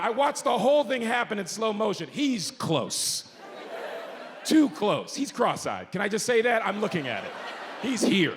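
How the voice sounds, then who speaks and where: A man doing stand-up, telling a story and swinging from low mutters to high shouted outbursts on a stage mic. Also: very animated, moderate pace. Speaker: stand-up comedian. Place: comedy stage in a large hall. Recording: live hall with reverb and faint noise.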